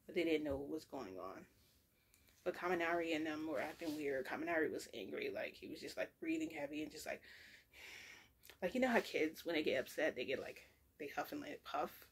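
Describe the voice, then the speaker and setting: Gravelly, husky woman telling a rambling story. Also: low-pitched, animated, fairly quick. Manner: rambling and chatty, with lots of fillers and self-corrections. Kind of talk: casual storytelling.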